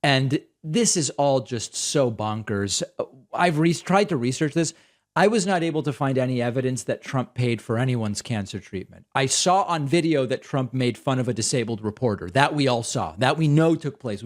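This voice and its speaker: A man's voice: mid-range voice, lively intonation, normal speed. A man hosting a political talk show, giving sarcastic, incredulous commentary on news clips.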